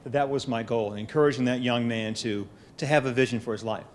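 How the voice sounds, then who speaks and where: A middle-aged man giving a formal keynote speech at a college event, speaking in a measured storytelling way with touches of gentle humor, into a podium microphone. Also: mid-range voice, steady tone, slight background noise.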